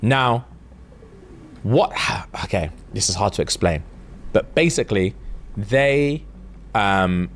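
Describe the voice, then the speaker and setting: A young man, casually retelling a book's plot on a podcast in animated, slangy talk. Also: on the low side, slow pace, long pauses, slight background noise. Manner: slangy, animated, acts out characters. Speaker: podcast co-host.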